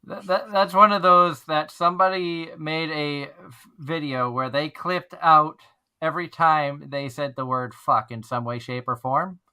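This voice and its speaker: A man's voice: a little high, steady tone, measured pace, bright, forceful tone, smooth. A man hosting an online fan radio show, chatting casually and rambling with frequent restarts. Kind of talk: casual chat.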